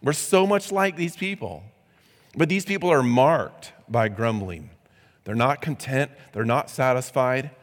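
A male pastor preaching a midweek sermon, animated and conversational, often restarting and repeating words. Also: unhurried. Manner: animated, acts out quotes in a high voice. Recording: long hall reverb.

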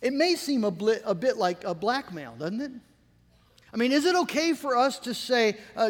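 A man preaching a sermon in an earnest, measured way, reading scripture aloud with dramatic weight. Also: high voice, sing-song, long reverb tail. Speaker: pastor.

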